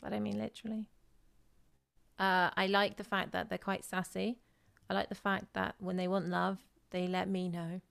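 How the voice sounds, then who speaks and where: A woman's voice: medium pitch, level tone, normal speed, vocal fry, a bit bright. A woman chatting as a podcast guest, playful and teasing. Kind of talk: casual chat.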